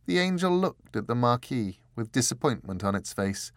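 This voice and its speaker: A man narrating a fantasy novel in an expressive, measured storytelling manner. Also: medium pitch, no echo, clean studio sound. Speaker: audiobook narrator. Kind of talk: scripted fiction narration.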